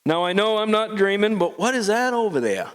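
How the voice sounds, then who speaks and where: A man voicing an older, rough-spoken fisherman hermit with a Maine accent, spinning a folksy rhyming yarn. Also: sits high, very animated, a little fast, voice pushed up. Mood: wry.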